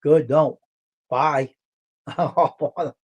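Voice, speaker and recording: A man's voice: on the high side, steady tone, takes it slowly, a little mellow. Blunt, swearing man. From Brockton, Massachusetts. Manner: blunt, gruff storyteller who swears freely. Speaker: livestream host. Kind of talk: casual livestream chat.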